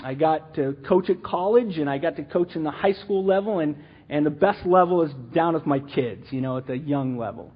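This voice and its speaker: A middle-aged man giving a rambling, animated church teaching, full of restarts and asides. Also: a little high, moderate pace, slightly rough, highs cut off. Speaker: lay teacher.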